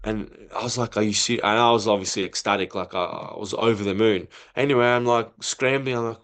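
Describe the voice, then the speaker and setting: Low-voiced man telling a lively story. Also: brisk. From not from Europe. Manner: animated, acts out quoted dialogue. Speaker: podcast guest, former footballer. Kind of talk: casual storytelling.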